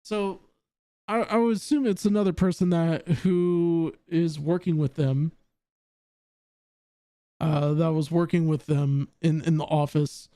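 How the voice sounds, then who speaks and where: A man's voice: fairly high pitch, steady tone, dark tone, smooth, dry recording. A male livestream host reads a post aloud and comments on it, often restarting his phrases. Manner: halting, with frequent restarts.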